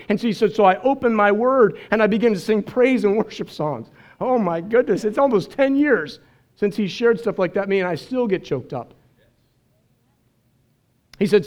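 A man's voice: high-pitched, lively intonation, normal speed. A man preaching a sermon as pastor, earnest and emotional, telling stories and quoting others. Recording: dull lo-fi sermon recording.

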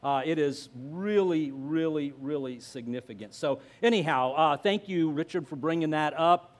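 Pastor in his 50s-60s, fairly high-pitched, loose and chatty sermon delivery with lots of filler hesitations. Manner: conversational, halting, heavy with fillers. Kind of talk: live church sermon.

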